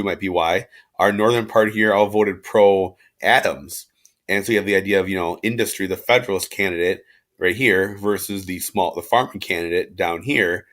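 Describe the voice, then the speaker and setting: A man's voice: fairly low pitch, fairly bright tone. A man giving an informal history lecture as a teacher, talking casually with lots of fillers and asides.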